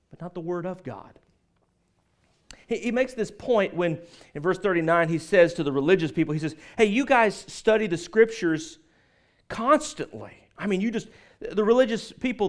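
A male pastor delivering a sermon in a church. His voice sits a little on the high side, and he talks conversationally, breaking off for asides and acted-out quotes. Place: church sanctuary.

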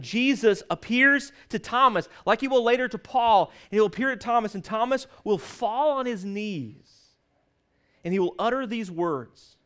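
A man preaching a sermon, stressing scripture lines slowly and leading the congregation to repeat after him. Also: high voice, fairly bright tone. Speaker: pastor.

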